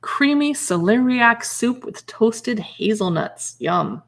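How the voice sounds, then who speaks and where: A woman's voice: a little high, expressive, takes it slowly, creaky. Woman, livestream shopping host, casual chat, reads recipe names aloud, short reactions, greets viewers.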